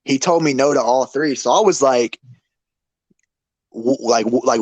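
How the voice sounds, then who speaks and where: A man's voice: mid-range voice, a little slow, darkish tone, no room sound. A man giving an emotional memorial tribute to a friend in casual, repetitive talk, his voice breaking with grief. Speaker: memorial speaker.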